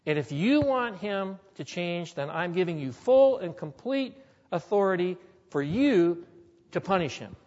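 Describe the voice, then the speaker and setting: A man's voice: high-pitched, big pitch swings, measured pace, a little mellow. A man voicing a weary middle-aged mother who pleads earnestly in prayer, heard in a dull, echoey hall recording. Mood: earnest pleading.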